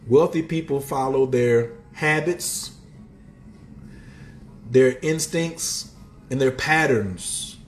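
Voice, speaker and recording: A man's voice: slow pace, pauses often, slight background noise. A man hosting a casual motivational livestream, talking in streetwise slang and greeting viewers in the chat. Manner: animated, swings up and down in pitch. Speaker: livestream host and motivational speaker.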